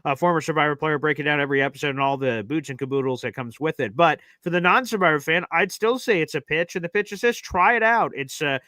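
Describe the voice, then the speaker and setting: Bright, punchy man pitching his show. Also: fast, hardly any pauses, no echo. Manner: energetic, promotional pitch. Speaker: sports show co-host. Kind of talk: live-stream sports talk.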